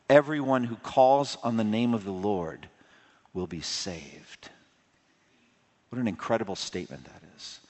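A man preaches a fervent sermon in a church, his mid-pitched voice rising and falling between loud proclamation and hushed appeal. The sound carries a long reverb from the large hall around him. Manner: impassioned preaching, swelling louder on key points and dropping low for appeals. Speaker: pastor.

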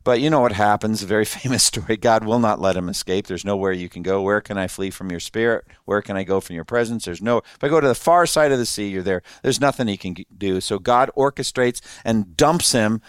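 A man's voice: lowish voice, fairly quick, hardly any pauses, clean tone, no echo, clean studio sound. Conversational man preaching a sermon. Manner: conversational, laughing often, asking the audience questions. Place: room with an audience.

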